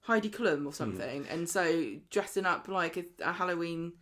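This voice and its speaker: A woman co-hosting a podcast, chatting casually and acting out characters in quick mocking voices. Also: on the low side. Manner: lively, mocks characters in put-on voices. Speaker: podcast co-host. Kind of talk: casual chat recapping a soap.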